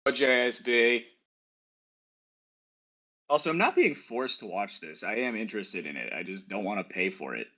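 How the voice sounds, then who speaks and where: A man's voice: fairly low pitch, very animated, normal speed, long pauses, bright, forceful tone, highs cut off. A man with a Midwestern accent, a guest on a casual stream, blunt and swearing freely. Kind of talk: casual reaction-stream chat.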